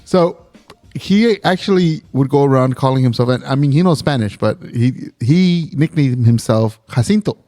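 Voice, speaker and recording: A man's voice: medium pitch, animated, moderate pace, few pauses, dark tone, no echo. A man co-hosting a podcast, teasing his friend in casual banter. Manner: teasing, joking. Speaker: podcast co-host.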